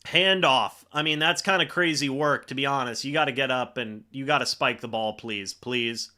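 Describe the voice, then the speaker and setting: A man hosting a live football reaction stream for his chat, excitable and swinging between loud disbelief and deflated muttering. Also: medium pitch, normal speed. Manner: talks to chat. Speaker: fan livestream host. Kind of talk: live game reaction commentary.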